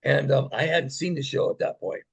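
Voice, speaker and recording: A man, an interview guest, telling stories in a casual, enthusiastic way and dropping soft for quoted moments. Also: medium pitch, moderate pace, creaky, breathy edge, poor audio. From United States. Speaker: interview guest, former TV gladiator. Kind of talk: casual storytelling.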